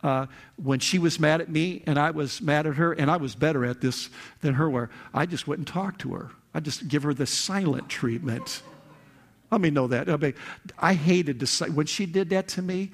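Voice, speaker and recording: Man preaching, slow to loud bursts. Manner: swings from soft, slow confiding to loud, high outbursts. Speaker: pastor. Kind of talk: sermon. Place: church hall before a congregation.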